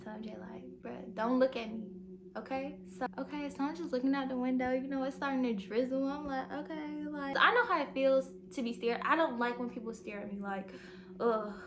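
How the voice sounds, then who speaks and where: A young woman vlogger telling a storytime in an animated, slangy way, acting out the dialogue, recorded in her bedroom at home. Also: high voice, fairly quick, noisy background. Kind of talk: storytime vlog.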